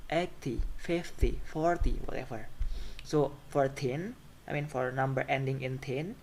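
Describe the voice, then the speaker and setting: A man's voice: medium pitch, darkish tone, slight background noise. A man lecturing on phonetics, listing example words and often checking in with the class. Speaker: phonetics teacher.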